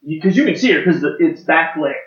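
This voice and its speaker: A man's voice: fairly high pitch, lively intonation, brisk, a bit bright. A man narrating as game master of a tabletop role-playing game, loose and rambling with restarts. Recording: echoey room, dull lo-fi sound.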